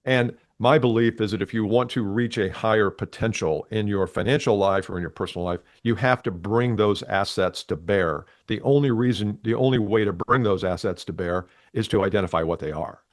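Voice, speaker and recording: A man's voice: on the low side, fairly quick, few pauses, no echo, clean studio sound. A man in his sixties, a podcast guest giving earnest, direct motivational advice. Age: 60s.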